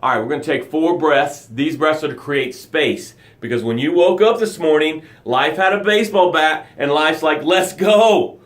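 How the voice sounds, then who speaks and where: A man's voice: moderate pace, hardly any pauses. Emphatic man giving a motivational talk. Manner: emphatic, dramatic swings between loud pushes and soft lows. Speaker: motivational coach hosting a live broadcast. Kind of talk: motivational talk reading viewer comments.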